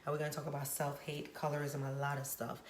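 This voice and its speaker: A woman with a fairly low voice vlogs straight to camera, retelling a story from her work as a hairstylist. She talks in an emphatic, preachy way and drives her points home by repeating them. The recording carries a roomy echo. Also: monotone, fast talker, a little hiss or hum. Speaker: hairstylist vlogger. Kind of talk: direct-to-camera storytelling vlog.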